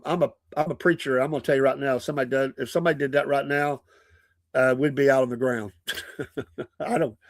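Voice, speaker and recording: A man, a podcast host and preacher, telling stories in a casual, animated way, often breaking into laughter. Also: mid-range voice, no echo. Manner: animated, laughing often, acting out quoted people.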